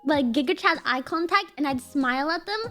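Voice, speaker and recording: A woman's voice: sits high, animated, a little fast, sharp tone, faint music behind. A young woman chatting casually on a stream, giggly and talkative, often mimicking her friend. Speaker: streamer guest.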